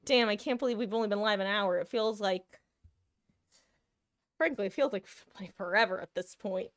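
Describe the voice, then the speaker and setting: A woman's voice: mid-range voice, a little slow, long pauses, fairly bright tone, no room sound. A young woman streaming a game live, chatting casually and giggling, sometimes cooing to her cat. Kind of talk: casual live-stream chat while gaming.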